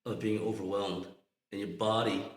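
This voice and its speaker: A man on a podcast explains ideas and keeps checking in with "right?" and "you know". His voice is lowish. The room echoes around him. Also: level tone, moderate pace. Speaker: podcast co-host. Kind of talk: casual chat.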